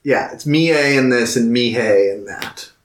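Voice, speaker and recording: A man's voice: medium pitch, a little slow. A man co-hosting a casual film podcast, laughing often and acting out scenes in silly voices. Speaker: podcast co-host. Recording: echoey room.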